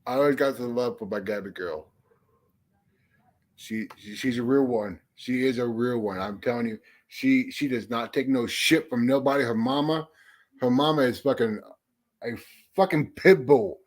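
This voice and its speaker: A man's voice: mid-range voice, normal speed. A man hosting a casual livestream chat, greeting viewers and talking bluntly with heavy swearing and frequent restarts. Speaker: livestream host.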